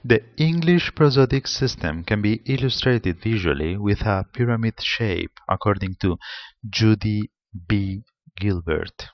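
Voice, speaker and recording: Slow, measured Spanish-accented male lecturer. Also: lowish voice, no echo. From Spain. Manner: slow, deliberate, explanatory delivery. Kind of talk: seminar lecture on pronunciation. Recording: slightly dull lo-fi sound.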